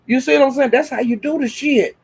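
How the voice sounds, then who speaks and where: A man talks straight to his viewers in a casual, profane livestream rant. He circles back on the same phrases again and again, swinging between fired-up declarations and lower, steadier reassurance. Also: fairly quick, vocal fry, breathy edge. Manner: animated, profane, repeats phrases for emphasis. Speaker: online commentator.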